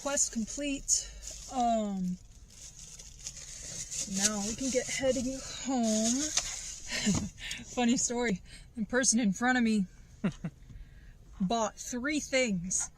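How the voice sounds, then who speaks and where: A young woman chats to her camera in a relaxed vlog, her voice a little high for a woman. She laughs easily and stumbles through her thoughts with ums and restarted phrases. A faint hiss runs under the recording. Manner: chatty, giggly, halting with ums and restarts. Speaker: vlogger. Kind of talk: casual vlog talk.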